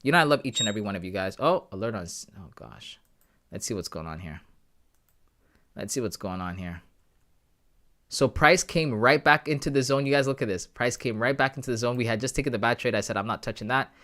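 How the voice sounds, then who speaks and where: A man from Canada runs a live trading stream in a casual, hyped-up way, often calling his viewers guys and bro. His voice sits at an ordinary middle pitch. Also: lively intonation, a little fast, a bit bright. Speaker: trading livestream host.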